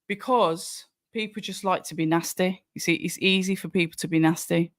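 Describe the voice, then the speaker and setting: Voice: mid-range voice, moderate pace, hardly any pauses, no echo, clean studio sound. A host from Birmingham with a Brummie accent, chatting casually on a livestream and answering viewer comments with frequent restarts. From Birmingham, England. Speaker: livestream watch-along host. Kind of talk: casual live chat commentary.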